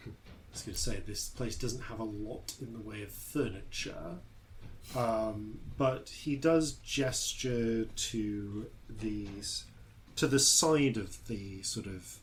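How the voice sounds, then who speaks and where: Male game master, mid pitch, slow and halting narration full of fillers, faint room ambience. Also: a little hiss or hum, poor audio. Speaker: dungeon master.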